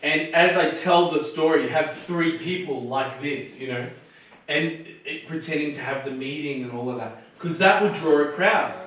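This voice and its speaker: An Australian man, an evangelist, teaching street preaching in an energetic, punchy, emphatic style. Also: a little high, moderate pace. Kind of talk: lively teaching talk. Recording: echoey room from far off.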